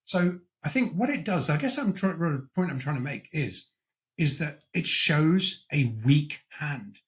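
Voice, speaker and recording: A man's voice: on the high side, animated, unhurried. A man hosting a conversational interview, emphatic and circling back to restate his point. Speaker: host.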